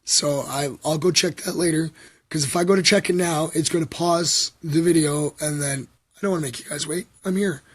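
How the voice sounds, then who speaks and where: A man's voice: fairly high pitch, steady tone, moderate pace, husky. A Canadian man telling a long personal story on a livestream, talking loosely with lots of ums and likes. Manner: filler-heavy, meandering, frequent ums and likes. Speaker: livestream host.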